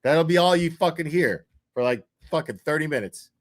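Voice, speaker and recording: A man's voice: a little high, lively intonation, normal speed. Profane rambling livestream host, man. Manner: profane, rambling, jokey rants. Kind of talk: casual livestream chat.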